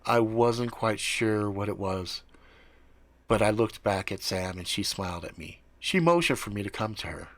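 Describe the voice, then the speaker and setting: A man telling an improvised first-person story in a relaxed, casual way, with frequent swearing. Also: on the low side, no room sound. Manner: relaxed, profane, drawn-out delivery.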